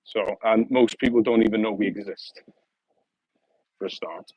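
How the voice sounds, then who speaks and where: A man's voice: on the low side, moderate pace, darkish tone, slightly rough, no echo, highs cut off. Chatty young Welsh man streaming outdoors. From Wales. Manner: chatty, laughs often, greets viewers. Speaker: live streamer. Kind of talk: casual live-stream chat. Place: outdoors on an early summer evening. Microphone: phone on mobile data.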